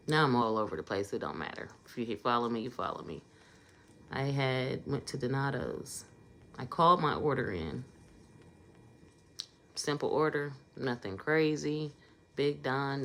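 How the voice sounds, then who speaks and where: A woman's voice: rumbling low, a bit bright. A woman telling a casual storytime vlog in a conversational way, getting emphatic in her asides.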